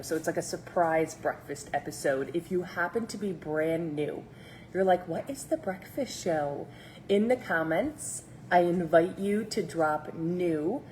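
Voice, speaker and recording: A woman's voice: fairly low pitch, slight background noise, rough recording. A woman in her thirties hosting a live breakfast stream, chatting to viewers and acting out quoted dialogue. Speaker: fitness coach host.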